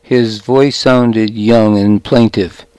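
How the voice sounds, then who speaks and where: A man reading a story aloud as an audiobook narrator, in a measured, unhurried way. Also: lowish voice, steady tone, warm tone, smooth, no echo, rough recording.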